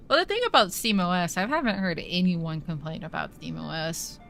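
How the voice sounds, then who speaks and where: Low bright-voiced woman streamer chatting. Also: animated, brisk, creaky, soft background music. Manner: chatty, swears casually, thinks aloud. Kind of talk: casual live-stream chat with viewers.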